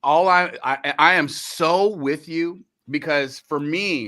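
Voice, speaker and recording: Speaking a little slowly in a voice on the high side, a radio host jokes through a casual livestream from his studio. He's animated and talks while eating.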